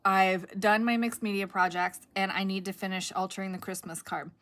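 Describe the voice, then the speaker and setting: A woman's voice: mid-range voice, little pitch movement, moderate pace, fairly bright tone. Casting: middle-aged woman, craft vlog host, chatty and rambling, cough drop in mouth, mid-range voice. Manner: rambling, chatty, self-correcting. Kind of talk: casual chat to camera.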